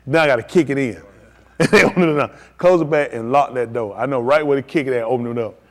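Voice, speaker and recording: This is a pastor's live-streamed sermon: a man with a mid-range voice moving at a quick pace. He is emphatic and repetitive, hitting his congregation with one short, punchy declaration after another.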